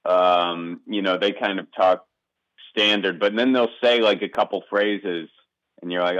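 A man talks loosely as a comedian guest, circling back and restarting his thoughts. His voice sits on the low side. The audio is dull and lo-fi. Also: fairly even intonation, a little slow, a bit bright. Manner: rambling, restarts often, self-deprecating. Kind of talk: casual interview chat.

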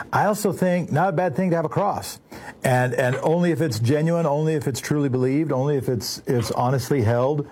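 A man hosts a call-in radio show, his voice a little husky. He speaks earnestly and leans into his points, often restarting a phrase to make it land. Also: medium pitch, darkish tone. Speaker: radio talk show host.

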